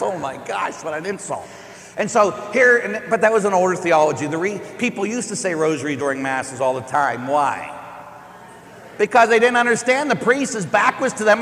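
A man delivers a chatty homily as a Catholic priest, his voice sitting a little high and swinging widely in pitch. He tells stories with humor and acts out the people in them. The sound rings through a large church with a long, echoing tail. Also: gravelly. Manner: animated, joking storyteller who acts out quoted people. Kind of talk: conversational homily. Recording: echoey church with long reverb.

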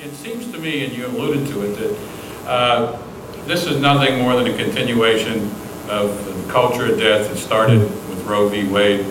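A man calling in to a talk show, asking his question hesitantly and stammering over his words. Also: measured pace. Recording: echoey and distant with rumbling noise.

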